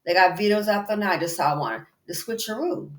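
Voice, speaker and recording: A woman's voice: mid-range voice, brisk. A woman hosting a commentary channel, talking in an emphatic, chatty way and calling the listener "girl" and "baby". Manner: animated and emphatic, addresses viewer as "girl" and "baby". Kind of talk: casual commentary. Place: indoors, exercising while recording. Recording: echoey room.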